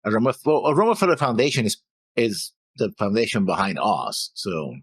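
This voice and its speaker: Husky, rambling man. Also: on the low side, very animated, fairly quick, dry recording. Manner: rambling, stumbling, jokey. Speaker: co-host of an anime reaction show. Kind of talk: casual chat, reading episode notes.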